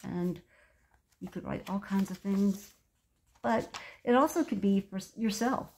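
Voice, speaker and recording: A woman's voice: mid-range voice, measured pace, a little mellow. A woman in her sixties chatting casually as she shows off a handmade journal, gushing and meandering as she goes. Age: 60s. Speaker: craft vlogger. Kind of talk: casual craft show-and-tell.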